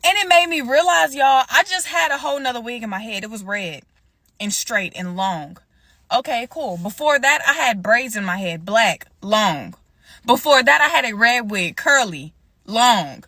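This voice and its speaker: A woman tells a casual storytime straight to her viewers. Her voice is bright and swings widely in pitch. The sound is dry and close. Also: normal speed, no room sound. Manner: animated, talks to viewers as y'all.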